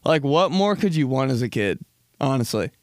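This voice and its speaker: A man's voice: medium pitch, very animated, normal speed, no echo, clean studio sound. A man hosting a podcast who tells rambling comic stories in crude, casual talk and laughs often. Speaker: podcast host. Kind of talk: comedic storytelling chat.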